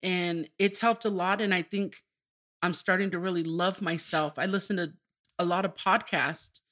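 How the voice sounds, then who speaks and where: Middle-aged woman, bright voice, candid personal storytelling, open and emotional. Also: fairly low pitch, steady tone, moderate pace. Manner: open and emotional, breaks into laughter. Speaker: podcast guest.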